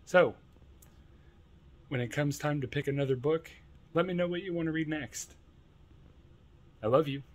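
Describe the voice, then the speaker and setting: A man reading children's poems aloud to his son, in a deliberate, playful read-aloud manner. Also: a little high.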